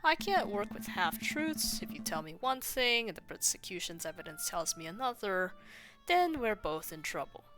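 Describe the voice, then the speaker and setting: A woman's voice: mid-range voice, sing-song, moderate pace, over music, lightly acted. A woman reading a stern male falcon defense attorney in a game, with blunt, commanding lines.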